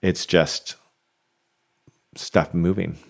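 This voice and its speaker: Man, very deep low voice, podcast co-host, reflective, rambling, restarts a lot. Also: fairly even intonation, extremely slow, gravelly. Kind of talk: casual podcast conversation.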